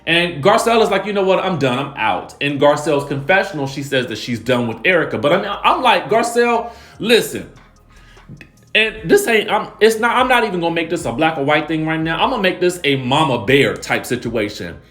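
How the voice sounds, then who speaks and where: A man recapping reality TV drama in an animated, emphatic, slangy way. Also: fairly high pitch, fairly quick, few pauses. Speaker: celebrity gossip YouTuber.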